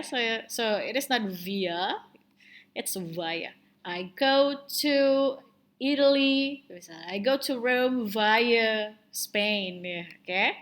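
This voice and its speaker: A woman's voice: a little high, bright, forceful tone. A woman with an Indonesian accent teaching English pronunciation, hesitating often and slipping into Indonesian as she drags out the example words. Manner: mixes Indonesian into English, hesitant fillers, drawn-out model words. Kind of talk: online pronunciation lesson.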